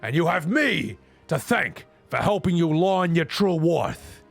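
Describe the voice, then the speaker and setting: A man's voice: fairly high pitch, very animated, measured pace, gravelly, faint music behind, full character voice. A man voicing a greedy, gloating male slaver captain in a game dub. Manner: gloating and taunting.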